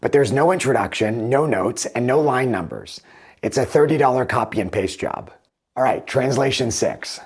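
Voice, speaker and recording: A man hosting a video, explaining and comparing book translations in a measured, thoughtful way. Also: mid-range voice, animated, slightly rough. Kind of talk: explanatory commentary with read-aloud passages.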